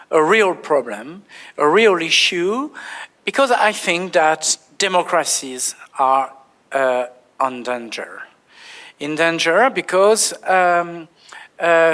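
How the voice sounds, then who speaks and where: A man with a French accent, a native French speaker, giving a conference presentation in halting English full of fillers and restarts. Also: fairly high pitch, fairly bright tone. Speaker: panel speaker, professor. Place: lecture hall.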